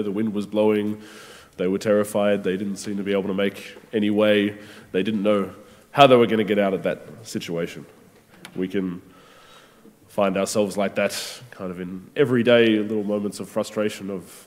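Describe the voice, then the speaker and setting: Gentle low-voiced preacher in a reverberant hall. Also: male voice, steady tone, normal speed. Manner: gentle, conversational, with frequent ums and restarts. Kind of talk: sermon reflection.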